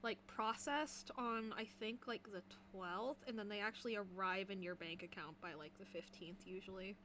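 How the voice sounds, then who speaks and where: A woman's voice: medium pitch, normal speed, fairly bright tone, a little hiss or hum. A woman streamer hosting a casual chat, giggly and talkative. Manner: giggly, chatty. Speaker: streamer, host.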